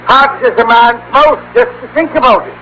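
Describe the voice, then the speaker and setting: A drawling, thirsty old-time beat cop. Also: male voice, very high voice, lively intonation, moderate pace, pushed and bright, full character voice. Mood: sly. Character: folksy adult male beat cop who wants a drink. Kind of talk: 1940s radio comedy acting. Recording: muffled old radio broadcast with hiss.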